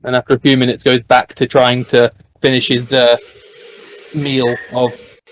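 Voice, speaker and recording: A man's voice: mid-range voice, flat delivery, unhurried, low-quality recording. A man playing a tabletop role-playing game, narrating his character in a hesitant, amused way with fillers. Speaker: player.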